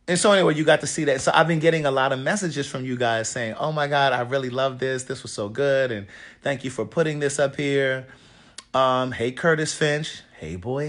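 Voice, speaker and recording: A raspy-voiced man from Maryland, an author hosting a casual livestream from a hotel room and greeting viewers by name. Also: medium pitch, fairly bright tone.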